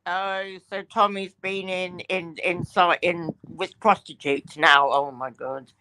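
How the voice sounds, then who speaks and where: A woman reacting with teasing, drawn-out remarks. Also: fairly low pitch, steady tone, pushed and bright, a little hiss or hum, rough recording.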